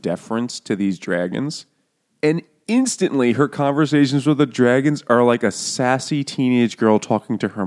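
A man's voice: medium pitch, a little mellow. A man casually and sarcastically retelling a fantasy novel's plot, swearing and briefly acting out the characters. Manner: sarcastic, profane, acts out characters in quick voices. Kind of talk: casual comedic book recap.

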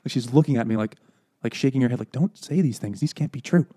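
A man's voice: medium pitch, quick pace, warm tone, slightly rough. A man co-hosting a podcast, rambling through a funny story and laughing as he acts out what people said. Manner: rambling anecdote, laughing, acting out quotes. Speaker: podcast co-host. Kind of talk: casual chat, storytelling.

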